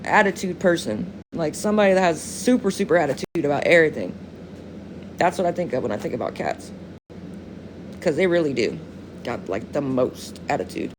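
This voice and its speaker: A woman's voice: low-pitched, lively intonation, fairly quick, background noise. A young woman chatting casually on a phone live stream, slangy and profane, often breaking into laughter while answering viewers.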